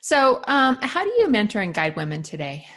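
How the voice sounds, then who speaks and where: A woman's voice: mid-range voice, very animated, normal speed, fairly bright tone. A woman hosting an interview, agreeing with her guest and asking questions. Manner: affirming, short agreeing replies. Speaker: interview host. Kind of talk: casual interview conversation.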